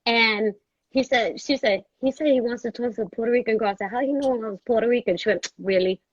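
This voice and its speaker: A woman's voice: fairly high pitch, fast talker, husky. A woman from Brooklyn, telling a story as a guest and acting out the voices she quotes. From Brooklyn, New York. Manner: lively storyteller who acts out quoted voices. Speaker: guest, actress. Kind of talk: storytelling conversation. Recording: dull, dry sound.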